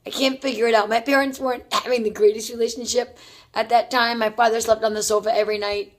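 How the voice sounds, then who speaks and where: High-voiced New woman telling a story. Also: little pitch movement, fast. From Brooklyn, New York. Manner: chatty, rambling, lots of "like" and "you know". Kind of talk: casual personal storytelling.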